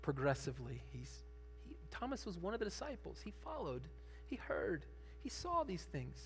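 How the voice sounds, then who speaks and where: A man pastor preaching a sermon, conversational at times and building to emphatic, animated preaching. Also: high-pitched, moderate pace, gravelly, soft background music.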